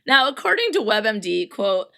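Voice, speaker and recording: A woman's voice: medium pitch, sing-song, a little slow, vocal fry, sharp tone. A woman hosting a solo podcast, talking in a chatty, upbeat way, reading out quotes and laughing often. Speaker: podcast host. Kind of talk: solo podcast talk on friendship.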